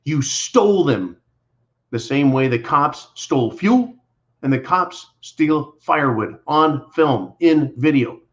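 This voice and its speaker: A man's voice: fairly high pitch, expressive, slow pace. A man hosting a political commentary show, talking in a blunt, combative, sarcastic way. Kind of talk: angry monologue to viewers. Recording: dull lo-fi audio.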